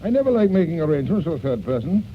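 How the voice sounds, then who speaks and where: A man's voice: on the high side, sing-song, racing. A man playing a wry, slightly pompous middle-aged father in an old radio play. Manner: wry and pompous, mildly lecturing. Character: genial, dry-witted middle-aged father. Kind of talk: 1940s radio acting. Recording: muffled old radio recording with faint hiss.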